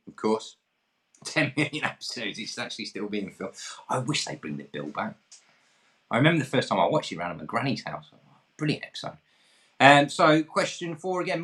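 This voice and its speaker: A man's voice: fairly low pitch, pushed and bright. A man from England hosting an online pub quiz, reading questions in a jokey, self-deprecating way. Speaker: quiz host.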